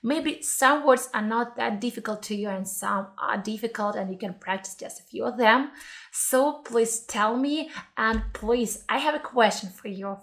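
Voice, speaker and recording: Woman, bit high voice, slow careful pronunciation lesson. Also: a bit bright. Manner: slow and careful, modelling words for the learner to repeat. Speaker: Russian language teacher.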